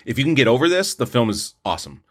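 A man co-hosts a casual movie review podcast, his voice sitting at an everyday middle pitch. He talks in a loose, rambling way, often restarting his sentences, and he offers his opinions freely. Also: sing-song, fast, husky. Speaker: podcast co-host, film reviewer.

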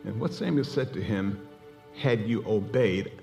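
A man's voice: on the low side, unhurried, gravelly, mellow. A man preaching a sermon, telling a story with energy and acting out the voices of the people in it. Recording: hall reverb with music behind. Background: music.

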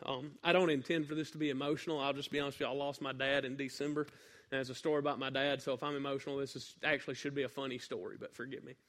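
A man from northeast Mississippi with a Southern accent preaches a sermon, telling a folksy story punctuated by sudden loud bursts. His mid-range voice is flat in delivery and very fast.

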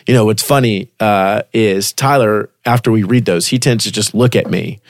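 A man's voice: fairly low pitch, normal speed, hardly any pauses, no echo, studio quality. A man hosting a Christian podcast, reading an essay aloud and then chatting loosely with a guest, stumbling and restarting often. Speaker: podcast host. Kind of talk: casual faith podcast chat.

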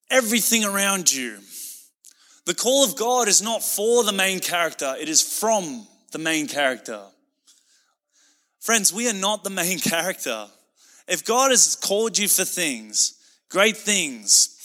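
Male pastor preaching with passion, slightly high, bright, forceful delivery. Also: expressive, unhurried, big-room sound. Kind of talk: sermon.

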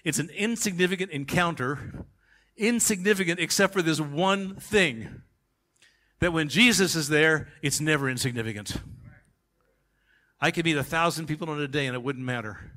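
A male pastor delivers a sermon in a bright, forceful voice pitched a little high. He is emphatic, dropping into quiet asides and then building to shouted peaks. His delivery has a pulpit rhythm. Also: normal speed.

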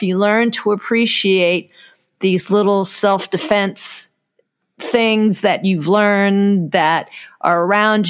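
A woman hosting a casual chat, talking in rambling sentences with restarts and backing her guest up with quick interjections. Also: mid-range voice. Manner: chatty, warm reassuring interjections, rambling restarts.

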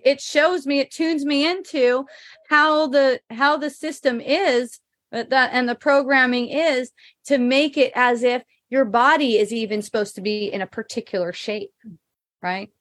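A woman's voice: sits high, moderate pace, fairly bright tone, no room sound, studio quality. A middle-aged woman hosting a casual spiritual chat, reading viewer comments aloud, laughing often and swearing freely.

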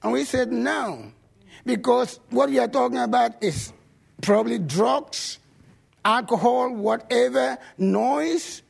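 Gravelly high-voiced preacher man. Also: takes it slowly. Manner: animated, swings from loud to low. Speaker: pastor. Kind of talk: sermon storytelling.

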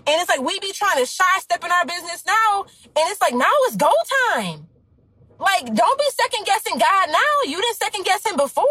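A woman's voice: very high-pitched, very animated, moderate pace, pushed and bright, rough recording. A young adult woman, a business coach, giving an emphatic, preachy motivational talk full of slang. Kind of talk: motivational talk to her audience.

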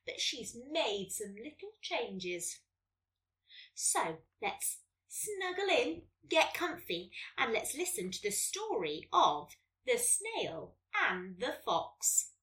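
Lively woman reading a children's story. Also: a little high, recorded from a distance. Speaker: children's podcast host.

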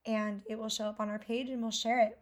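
A woman's voice: a little high, level tone, brisk. A woman co-hosting a casual podcast with her husband, friendly and upbeat, laughing easily. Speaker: podcast co-host. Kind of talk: casual chat.

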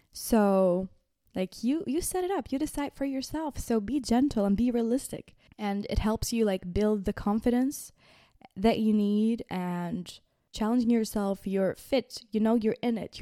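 A young woman hosting a podcast, giving casual motivational self-help talk in a chatty, expressive way, often saying "like" and "guys". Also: a little high, no echo, clean studio sound. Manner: chatty and expressive, many "like"s, addresses listeners as "guys". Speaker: podcast host.

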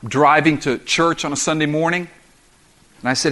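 A man's voice: fairly high pitch, moderate pace, pushed and bright. A middle-aged man preaching a sermon as a pastor, conversational and humorous, telling self-deprecating stories.

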